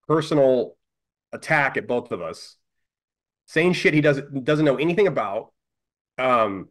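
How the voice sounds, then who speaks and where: A man's voice: mid-range voice, a bit bright. A man co-hosting a casual horror podcast, blunt and profane, reading viewer comments and getting heated. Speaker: co-host.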